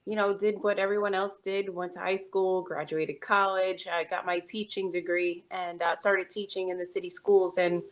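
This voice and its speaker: A woman's voice: fairly low pitch, little pitch movement, moderate pace, few pauses. A woman with a New York accent, a real estate agent chatting as a podcast guest in an upbeat, casual way. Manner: chatty and upbeat, with short laughs. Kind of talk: casual interview chat.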